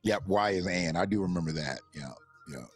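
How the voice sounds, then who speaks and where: A man's voice: sits low, a little fast, soft background music. A man hosting a livestream in casual commentary, rambling and swearing, laughing often and reading out chat messages. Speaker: livestream host.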